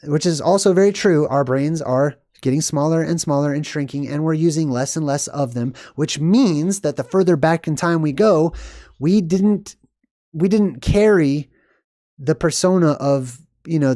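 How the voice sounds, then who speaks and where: A man's voice: on the high side, dark tone, no room sound, studio quality. A man giving casual, rambling movie commentary in a conspiratorial way, often ending points with "right?".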